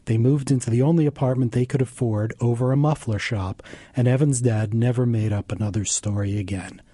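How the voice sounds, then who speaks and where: Writer reading his story, dark husky voice, dead dry sound, deadpan. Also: medium pitch, a little fast, no room sound.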